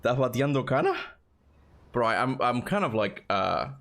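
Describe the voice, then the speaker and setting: An excitable man in his thirties hosting a relaxed gaming livestream. He talks straight to his chat in a loose, casual way, with an ordinary mid-range voice. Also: medium pitch, moderate pace, gravelly. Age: 30s. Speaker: streamer.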